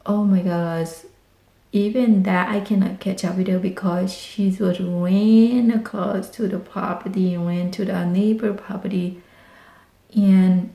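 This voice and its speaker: A woman with tells a family story as a vlog, excited and animated, piling on dramatic exclamations. Her voice sounds warm and mellow. It echoes in a roomy space. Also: medium pitch, unhurried, creaky. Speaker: vlogger. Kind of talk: casual storytelling. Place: home in rural Texas.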